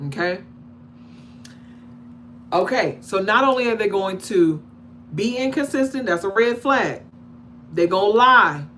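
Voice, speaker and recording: A woman talking casually to her audience about relationships in an animated way, acting out the people she describes and checking in with questions. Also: medium pitch, unhurried, long pauses, a little hiss or hum. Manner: conversational, asks the audience questions. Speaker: relationship commentator. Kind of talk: casual monologue to camera.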